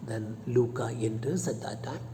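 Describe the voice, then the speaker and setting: Woman literature teacher, very low and mellow voice, dramatic retelling in a reverberant room. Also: normal speed. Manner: paraphrasing and explaining dramatically in first person. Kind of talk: lecture retelling a play. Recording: echoey room with faint noise.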